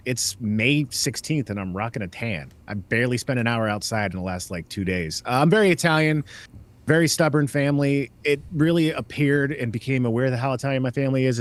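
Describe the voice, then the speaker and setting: Deadpan joking man contestant. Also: medium pitch. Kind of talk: casual comedic chat.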